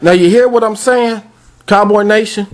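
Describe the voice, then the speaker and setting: A man hosts a sports talk podcast, ranting bluntly, fired up, and calling out straight to the fans with repetitive scolding. His voice is high and his pace moderate.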